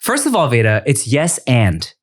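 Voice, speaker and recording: A man's voice: medium pitch, moderate pace. A man hosting a podcast in casual chat, telling stories and acting out the dialogue in them. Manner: animated storyteller acting out dialogue. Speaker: podcast host.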